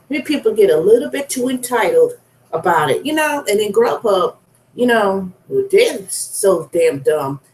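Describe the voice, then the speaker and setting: A woman's voice: mid-range voice, a little mellow. Blunt ranting woman, roomy echo. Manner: blunt, profane, venting. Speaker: food delivery driver. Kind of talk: casual vlog rant.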